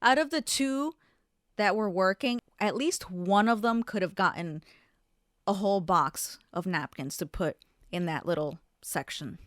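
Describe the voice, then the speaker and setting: A young adult woman hosting a podcast, telling a story in a casual, profane way with sudden loud outbursts. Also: medium pitch, unhurried, no echo, studio quality. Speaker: podcast host.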